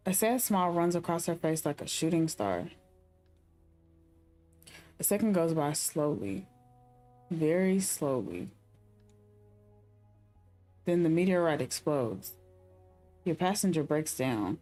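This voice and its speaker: A young woman streams a game, speaking in a low, mellow voice with big pitch swings, slowly and with frequent pauses, while faint music plays behind her. She reads the game's narration aloud and drops in chatty, speculative asides during the playthrough.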